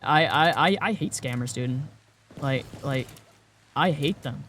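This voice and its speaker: A man's voice: mid-range voice, unhurried, fairly bright tone, a little hiss or hum. A man streaming and chatting casually with viewers, rambling with many repeated words and fillers. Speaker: game streamer.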